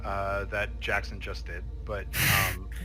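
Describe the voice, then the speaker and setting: A man narrating a tabletop game as game master in a casual, halting way. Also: low voice, little pitch movement, over music. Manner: casual, hesitant with fillers.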